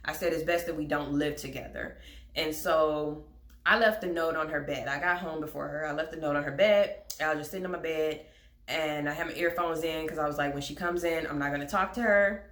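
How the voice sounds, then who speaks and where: A woman's voice: sits low, steady tone, fairly quick, fairly bright tone. A young woman in a casual storytime vlog, candid and chatty, with frank swearing and wry laughs. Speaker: vlogger telling a personal story. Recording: echoey room.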